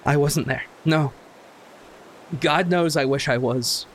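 A man's voice: a little high, slow, a little hiss or hum. A man voicing a young man pursuing his sister's killer, intense and accusing.

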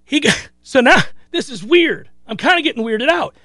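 A man with a very high voice and a lively, swooping delivery tells a story on a sports talk show. He acts out the people in the story as he goes. The sound is dry and close, from a studio microphone. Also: normal speed, dry recording. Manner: animated storyteller who acts out other people's lines. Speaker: sports radio host.

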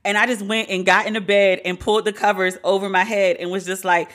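Blunt, bright-voiced New York woman. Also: mid-range voice, little pitch movement, a little fast. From Brooklyn, New York. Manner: blunt, profane, acts out quoted dialogue. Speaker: storyteller. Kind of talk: candid personal storytelling.

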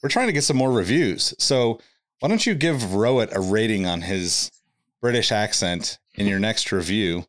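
A relaxed male podcast host leads a casual chat, easing along with plenty of pauses and fillers. His voice sits on the low side and sounds dry and close. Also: dry recording.

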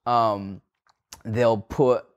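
A man's voice: medium pitch, steady tone, extremely slow, smooth, muffled recording. A man talking as a podcast guest in casual chat, laid-back, often checking in with the listener. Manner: laid-back, often asks 'you know what I'm saying?'.

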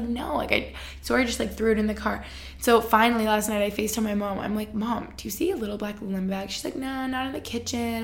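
A woman's voice: medium pitch, gravelly. A young woman telling casual stories to her listeners, chatty and full of fillers, often laughing. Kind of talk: casual storytelling chat.

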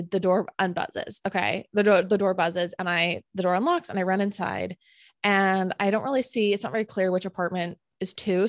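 A young woman co-hosting a podcast, telling a story in a casual, animated way, full of fillers and acted-out quotes. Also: mid-range voice, dry recording. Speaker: podcast co-host.

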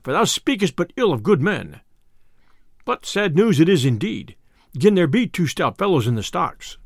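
A man's voice: fairly high pitch, very animated, moderate pace, husky, dry recording, studio quality, heavily acted. A man doing a blustering tinker. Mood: gruff. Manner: loud, boastful old-style speech. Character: boisterous, blustering male tinker, adult.

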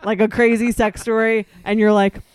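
A man co-hosting a comedy chat show, wry and chatty, full of fillers and quick agreement. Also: high-pitched, flat delivery, clean tone, no room sound. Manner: wry, agreeable, frequent fillers and short replies. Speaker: podcast co-host.

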